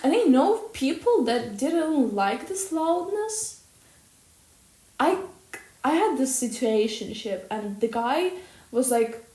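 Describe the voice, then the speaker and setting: Loud, blunt young woman vlogging. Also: high voice, slow. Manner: loud, blunt and expressive, swears freely. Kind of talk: personal vlog monologue. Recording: echoey room.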